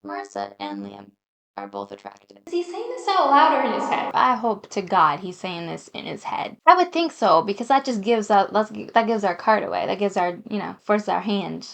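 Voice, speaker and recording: A woman's voice: medium pitch, big pitch swings, moderate pace, gravelly, hardly any pauses, fairly bright tone. A young woman playing a mobile dating game, reading it aloud with rambling, sarcastic asides. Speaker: gaming YouTuber. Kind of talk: let's play commentary.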